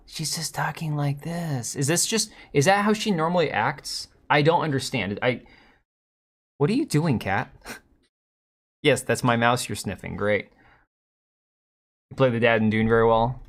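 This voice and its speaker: Sarcastic and mocking, a streamer reacts to clips on his casual live stream, chatting with viewers and with his cat. His voice is medium-pitched and a bit bright.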